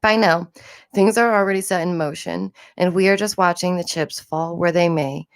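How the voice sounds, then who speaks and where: A woman's voice: fairly low pitch, fairly even intonation, normal speed, no room sound, studio quality. A woman hosting a casual livestream from home, talking in a rambling, chatty way and laughing often. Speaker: livestream host.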